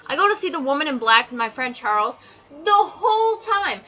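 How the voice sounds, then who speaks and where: A woman's voice: high voice, lively intonation, quick pace, bright, forceful tone, poor audio. A teenage girl vlogging a casual, sarcastic rant about her pet peeves. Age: teens. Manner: chatty, exasperated, sarcastic. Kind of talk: casual ranting list.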